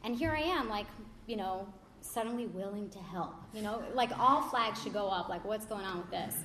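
A woman's voice: mid-range voice, a bit bright, a little hiss or hum. A young adult woman candidly telling her life story in a casual way, with many fillers and restarts. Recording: roomy echo with faint ambience.

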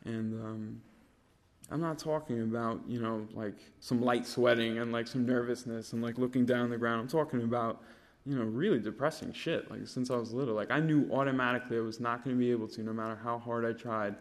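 A man's voice: mid-range voice, fairly even intonation, a little fast. A man in his thirties sharing his life story at a recovery meeting, rambling with lots of fillers and swearing. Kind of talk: casual personal storytelling.

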